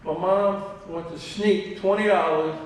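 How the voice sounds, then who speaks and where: A man's voice: sits high, unhurried. A middle-aged man, a father telling stories in an induction speech, acting out quotes with laughing asides. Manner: animated storyteller, acts out quotes, laughing asides. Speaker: father giving a hall of fame induction speech. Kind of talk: storytelling speech at a banquet. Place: large hall. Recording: echoey hall from far off.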